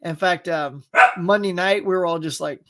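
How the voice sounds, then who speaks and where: A man's voice: high-pitched, moderate pace, a bit bright. A man hosting a casual pop culture chat, chatty and laughing often, with a dog barking in the background. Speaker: pop culture show host. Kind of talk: casual chat about movies.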